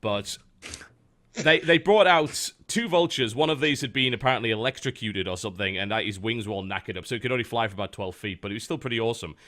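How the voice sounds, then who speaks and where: A man's voice: on the low side, quick pace, a bit bright. A man, a podcast host telling a story in casual chat, dry and understated.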